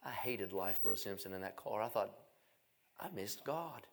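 A middle-aged man, an evangelist preaching a revival sermon in a folksy, self-mocking storytelling way, swinging from loud to hushed. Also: on the low side, expressive, a little slow.

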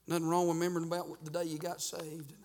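A middle-aged man preaching a revival sermon and altar call in a church, swinging from loud, fervent rhythmic urging to hushed near-whispers. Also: on the high side, flat delivery, fast, a little hiss or hum. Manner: fervent, rhythmic preaching with sudden soft drops. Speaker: pastor. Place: church sanctuary.

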